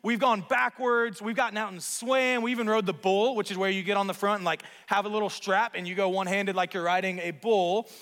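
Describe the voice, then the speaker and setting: A man preaching a sermon as pastor, telling a story in an animated, self-mocking way in a church sanctuary. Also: high voice, a little fast, few pauses. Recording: long reverb of a large hall.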